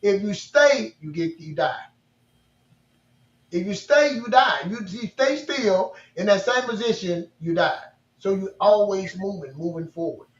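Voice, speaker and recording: A man's voice: high voice, measured pace, distant mic. A man co-hosting a show, telling stories and giving emphatic, repetitive motivational advice. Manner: animated, laughing, repetitive, emphatic. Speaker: podcast co-host. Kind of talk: casual motivational storytelling. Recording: dull, roomy audio.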